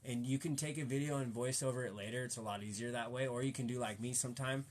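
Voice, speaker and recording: Casual streamer, male, mid-pitched, slangy and profane, rambles and preaches with fired-up energy. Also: fairly even intonation, fast talker, a little hiss or hum.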